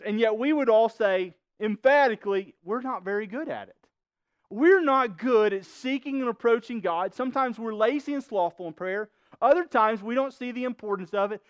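A man's voice: very high-pitched, smooth, dry recording. A man preaching a sermon as pastor, emphatic, often asking the congregation questions. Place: church.

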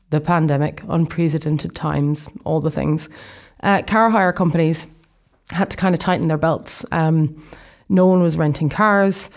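A young Irish woman with a notably low voice talks through her plans in an easygoing, rambling way. She keeps drifting into friendly asides as she explains. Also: darkish tone. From Ireland. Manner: chatty and rambling, with frequent asides. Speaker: vlogger. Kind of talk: casual explanatory vlog.

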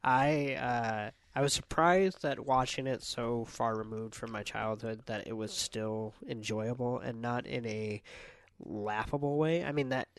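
A man's voice: mid-range voice, fairly even intonation, a little slow, no echo. Rambling, hesitant man on a podcast. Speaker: podcast co-host reviewer. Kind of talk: casual chat.

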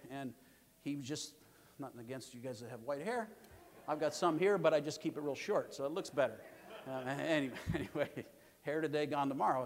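A middle-aged male pastor preaching a sermon, telling lively stories with joking asides and calling out for amens. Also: a little high. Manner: lively storytelling with joking asides and calls for amen. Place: large church sanctuary. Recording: long reverb of a big church hall.

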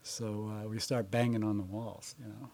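A man's voice: on the low side, little pitch movement, moderate pace, creaky, a little mellow. Older man telling stories. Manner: laughs often while telling stories, many fillers. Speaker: interviewee. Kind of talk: casual storytelling.

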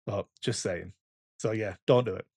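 A man in his thirties, hosting a casual podcast chat and telling animated stories full of swearing and quoted voices. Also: lowish voice, normal speed, gravelly, breathy edge, no echo. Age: 30s. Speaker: podcast host.

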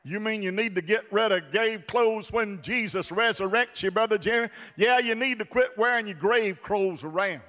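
A fervent male preacher with a high, bright, ringing voice that swings from hushed asides to full shouts. His sermon carries the long reverb of a big church hall. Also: normal speed, hardly any pauses.

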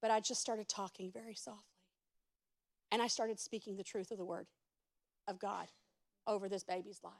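A woman pastor preaching a sermon, swinging between loud urgent passages and soft hushed speech, with direct asides to the congregation. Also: mid-range voice, fairly even intonation, moderate pace, creaky, pauses often.

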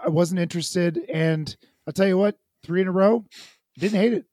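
A man's voice: sits high, normal speed, a little mellow, no echo, studio quality. A middle-aged man co-hosting a movie podcast, wry and often restarting his sentences. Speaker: podcast co-host. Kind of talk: casual movie chat.

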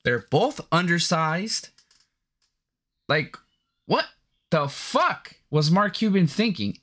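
A man's voice: fairly high pitch, sing-song, slow pace, long pauses, fairly bright tone. A man hosting a sports podcast, ranting casually and profanely with incredulous outbursts. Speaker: podcast host.

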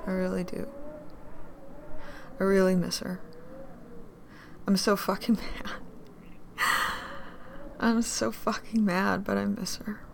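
An actress playing a drunk woman in an audio drama monologue, grieving and bitter, her voice shifting between whispers and louder outbursts. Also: medium pitch, fairly even intonation, slow pace, gravelly, pauses often, a little hiss or hum.

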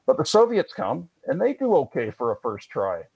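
A man's voice: mid-range voice, huge pitch swings, moderate pace, vocal fry, husky, dull audio. A man hosting a podcast, telling sports history in a chatty, wry way with jokey asides. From Canada. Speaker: podcast host. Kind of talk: conversational history storytelling.

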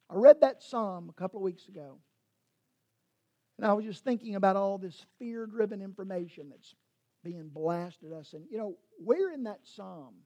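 Rambling older pastor, mellow voice. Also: male voice, sits high. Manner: rambling, self-correcting, teasing. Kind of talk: sermon.

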